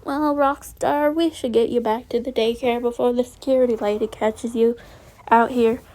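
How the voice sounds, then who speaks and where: A woman's voice: on the high side, fairly even intonation, normal speed, a little mellow, lightly acted. A woman voicing a male alligator robot with a put-on Southern drawl in a storybook reading. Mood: coaxing.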